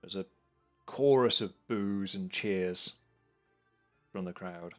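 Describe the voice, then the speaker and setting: Slow, hesitant man narrating a game. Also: deep voice, fairly bright tone, soft background music. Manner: hesitant, filler-heavy descriptions. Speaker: game master.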